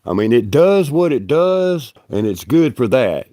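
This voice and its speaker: A man's voice: mid-range voice, very animated, a little slow, dark tone, no echo, clean studio sound. A man, rambling bluntly and profanely on a livestream.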